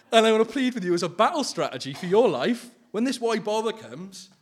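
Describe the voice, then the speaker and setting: A man preaching an informal sermon in a somewhat high voice, earnest and pleading. He laughs often and corrects himself mid-sentence. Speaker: lay preacher. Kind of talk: informal sermon with personal testimony.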